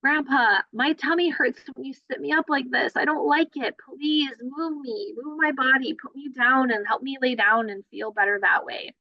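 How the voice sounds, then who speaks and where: A woman's voice: high-pitched, normal speed, hardly any pauses, no echo, dull audio, voice pushed up. A woman speaking as a fussy, uncomfortable baby, voicing its complaints and questions in the first person. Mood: pleading.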